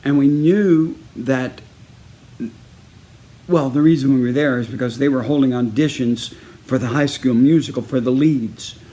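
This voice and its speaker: A man from Texas telling a story in a casual personal video message, in a lively way, acting out each person he quotes. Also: mid-range voice, unhurried. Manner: lively, acts out each person in the story with raised, punchy delivery.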